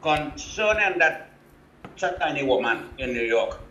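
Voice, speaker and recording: A man's voice: on the high side, animated, slow, pushed and bright, echoey room, slight background noise, rough recording. A man, calling in to a live show and speaking firmly and indignantly. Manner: firm, indignant. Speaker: caller. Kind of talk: phoned-in commentary.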